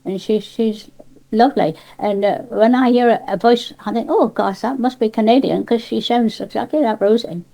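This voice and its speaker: A woman's voice: fairly high pitch, moderate pace, creaky, mellow, rough recording. An older woman from Cornwall with a Cornish accent, chatting in an interview about dialect, rambling with many restarts and asides. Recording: cassette tape.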